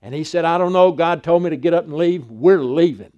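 A man's voice: fairly high pitch, a little fast, a little mellow, lo-fi sound. An older man, a pastor preaching a folksy sermon and acting out Bible dialogue.

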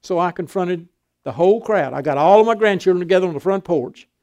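Older preacher with a high voice. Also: male voice, expressive, quick pace. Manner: swings from loud emphatic preaching to quiet storytelling. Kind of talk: sermon.

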